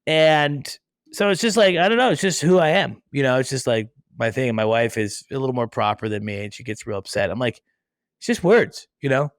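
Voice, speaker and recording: A podcast host with a mid-range voice talks fairly quickly in a studio-quality recording with no room sound. It's a casual interview chat, and he rambles in a self-deprecating way.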